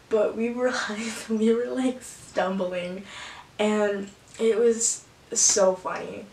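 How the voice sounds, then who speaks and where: A young woman telling a rambling story to her camera, full of 'like' and laughter. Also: medium pitch. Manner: rambling, laughing often, filler-heavy with lots of 'like'. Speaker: vlogger. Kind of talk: casual storytime. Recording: echoey room, from a distance.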